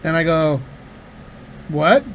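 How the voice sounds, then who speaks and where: A man in his thirties with a slightly higher voice tells loose, profane stories on a comedy podcast. He talks in a casual, animated way with lots of restarts. A faint hiss sits under the recording. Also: takes it slowly. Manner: rambling, profane, animated anecdotes. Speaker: podcast co-host.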